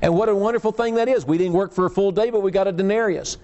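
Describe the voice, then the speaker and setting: A man's voice: high voice, fast talker, dark tone, highs cut off. A man preaching a sermon, telling the story in a folksy way with frequent restarts and repeated words.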